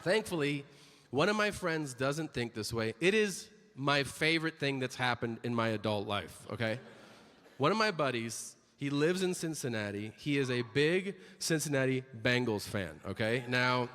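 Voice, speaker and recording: A man's voice: medium pitch, normal speed. A man doing stand-up comedy, telling stories and acting out the voices of people in them. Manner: animated, acts out voices in his stories. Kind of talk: stand-up storytelling. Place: comedy stage. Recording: live stage with long hall reverb, faint ambience.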